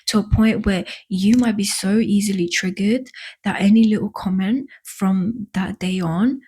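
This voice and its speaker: A woman whose first language is not English, talking to camera in a casual self-help vlog, earnest and affectionate, with halting restarts and drawn-out emphatic words. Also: medium pitch, warm tone, husky. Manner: earnest, affectionate, addresses viewers as "my love" and "baby". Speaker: vlogger.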